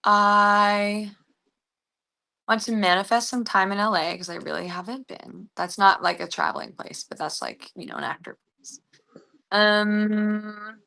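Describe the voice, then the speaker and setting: A woman's voice: medium pitch, steady tone, a little slow, gravelly, sharp tone. A young woman from the United States, an actress chatting casually in an interview over a video call. She rambles, with a lot of fillers. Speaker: actress, guest.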